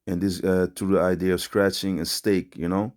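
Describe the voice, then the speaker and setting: A man with a very low voice gives a loose, informal religious teaching. He talks in street slang, ends his phrases with "man", and rambles through fillers and restarts. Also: flat delivery, moderate pace, darkish tone. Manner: street-style slangy preaching, repeats "man". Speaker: preacher.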